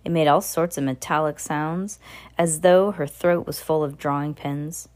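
A woman reading a children's novel aloud with expressive storytelling. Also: sits low, a little slow. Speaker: reader.

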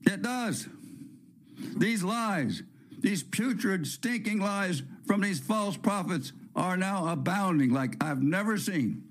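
A man's voice: high-pitched, lively intonation, slow. A man hosting a podcast, preaching in a fervent, emphatic monologue with repeated phrases and joking asides. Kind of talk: impassioned sermon-style monologue.

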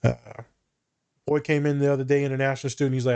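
A man's voice: medium pitch, level tone, fast, a little mellow, smooth. Male therapist-host, casual and blunt, salty language. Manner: blunt and profane, tells client stories. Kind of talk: casual podcast chat.

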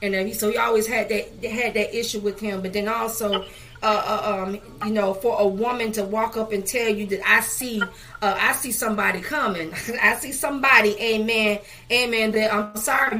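A woman's voice: mid-range voice, fairly even intonation, moderate pace, pushed and bright. A woman leading a Bible study, preaching fervently with frequent amens and hallelujahs and many fillers.

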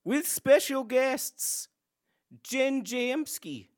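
A woman reads the closing credits of a comedy podcast. Her voice sits fairly high and swings widely in pitch. She reads slowly and carefully, and she keeps laughing at her own slips over a name. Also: lively intonation.

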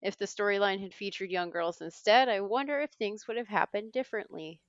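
Woman quiz host, smooth voice. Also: medium pitch, brisk, no echo. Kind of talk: reading trivia clues on a podcast. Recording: slightly dull lo-fi sound.

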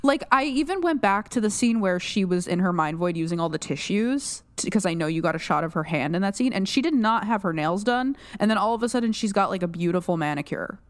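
A woman's voice: medium pitch, expressive, a little fast, hardly any pauses, no echo. A young adult woman co-hosting a casual podcast, picking apart a show in rambling, analytical talk full of restarts and "like". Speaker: podcast co-host.

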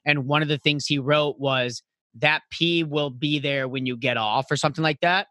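A man's voice: fairly high pitch, fairly even intonation, moderate pace, sharp tone, dry recording, studio quality. A young man hosting a casual podcast, talking loosely, swearing and laughing often. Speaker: podcast host.

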